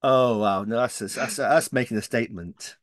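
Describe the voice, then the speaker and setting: A man's voice: mid-range voice, moderate pace, dry recording, studio quality. A middle-aged man co-hosting a podcast in casual, joking chat, often trailing off and restarting. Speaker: podcast co-host.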